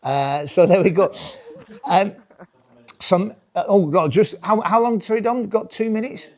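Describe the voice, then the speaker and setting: A British man in his forties works the crowd in a stand-up set, with a voice pitched somewhat high for a man. He rambles, restarts his sentences and keeps checking in with the audience. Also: unhurried, darkish tone. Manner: rambling, self-interrupting, chatty with the crowd. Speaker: stand-up comedian. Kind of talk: stand-up comedy.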